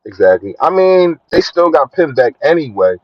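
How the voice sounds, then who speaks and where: A young man chatting casually on a sports live stream, slangy and shouting out his viewers. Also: normal speed, no room sound. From Philadelphia. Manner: slangy, shouts out viewers, lively swings in pitch. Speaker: sports vlogger. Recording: dry, dull lo-fi phone audio.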